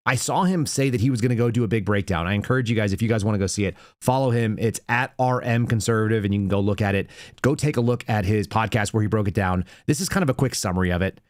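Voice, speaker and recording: A man's voice: lowish voice, quick pace, no echo. A man hosting a political commentary show, sarcastic and mocking as he reacts to news clips. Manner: sarcastic, mocking, puts on silly voices. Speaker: podcast host.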